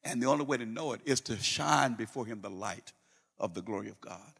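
A man's voice: fairly low pitch, brisk, gravelly, fairly bright tone, husky. A middle-aged man, a pastor, preaching a sermon in a storytelling way, acting out conversations and often restarting his sentences. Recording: reverberant hall.

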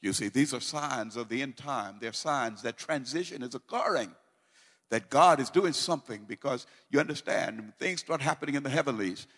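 A man preaching a sermon, moving from calm teaching to loud, fervent declarations full of repetition. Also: medium pitch, normal speed, breathy edge, big-room sound.

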